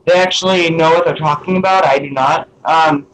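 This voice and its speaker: A man's voice: on the high side, steady tone, brisk, fairly bright tone, a little hiss or hum, rough recording. A man chatting casually on a group stream, rambling and hedging with lots of ums.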